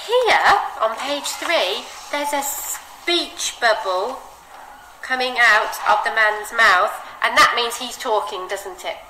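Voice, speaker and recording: A woman teaching reading, guiding a child through a phonics book with encouraging, expressive read-aloud. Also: on the high side, takes it slowly. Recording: roomy echo with steady background noise.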